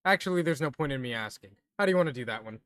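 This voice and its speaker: Excitable game master on a live stream, animated and bouncy, dry close mic. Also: mid-range voice, very fast, dry recording. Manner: excitable, loud outbursts and laughter. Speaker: dungeon master. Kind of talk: running a tabletop game. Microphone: streaming microphone.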